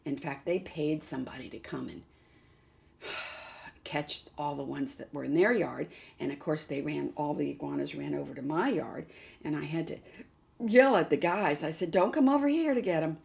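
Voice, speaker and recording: A woman hosting a doll vlog in casual chat, cooing softly to a doll and often dropping to a half-whisper. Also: low-pitched, normal speed, gravelly. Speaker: doll collector and channel host.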